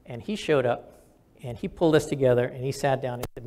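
A man's voice: mid-range voice, fairly quick, warm tone, slight background noise. An older man, a physician and military officer, telling personal stories in a conversational, earnest way with frequent restarts, recorded for camera. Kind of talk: reflective storytelling talk.

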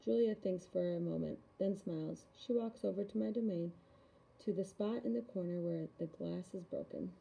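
A woman reading a children's novel aloud in a calm, even narration. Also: on the low side, moderate pace, gravelly, low-quality recording. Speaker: reader. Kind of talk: storybook read-aloud.

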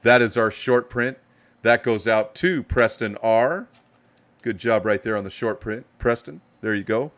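A man's voice: medium pitch, measured pace, a bit bright. A man hosting a live card box break, hyping each card as he pulls it and giving players playful nicknames. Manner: hype, calls out cards with playful nicknames.

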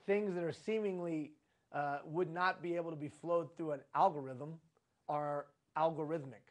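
A man's voice: fairly high pitch, fairly even intonation, normal speed. Preachy man lecturing with repeated emphasis. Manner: preachy, repetitive emphasis with rhetorical questions. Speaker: leadership trainer. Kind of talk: live conference lecture. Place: conference room.

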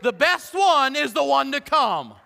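Man, middle-aged pastor; animated sermon delivery with hushed asides, bright tone, long church echo. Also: very high voice, unhurried, gravelly. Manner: animated, joking asides, swings between loud and hushed. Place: church sanctuary. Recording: long hall reverb.

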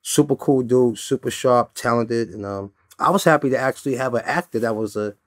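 A man's voice: mid-range voice, brisk, no echo. Laid-back man telling stories, dry sound. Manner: laid-back, peppered with "you know what I'm saying". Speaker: interview guest. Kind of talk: casual storytelling interview.

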